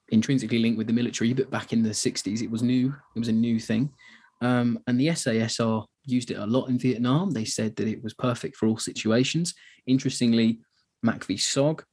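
A man's voice: medium pitch, vocal fry, a little mellow, breathy edge. An English man co-hosting a podcast, chatting casually about film gear in a loose, rambling way with many restarts. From England. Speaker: podcast co-host. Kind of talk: casual chat.

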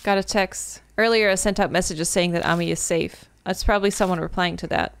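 A woman reading a visual novel aloud as she plays, breaking into loud, animated exclamations and swearing. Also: fairly low pitch, fairly quick, clear, resonant tone. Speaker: gaming video creator.

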